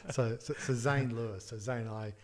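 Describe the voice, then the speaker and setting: A middle-aged man, a tech entrepreneur as interview guest, telling anecdotes with laughs and quick restarts. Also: mid-range voice, fairly even intonation. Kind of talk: casual storytelling in a podcast interview.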